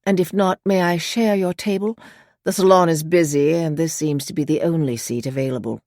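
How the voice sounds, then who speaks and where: A polished, courteous middle-aged British gentleman, as a woman narrator puts him on, speaking in a measured, well-modulated tone with a British accent. The voice sits low and is recorded dry and close for an audiobook. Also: dry recording, natural voice.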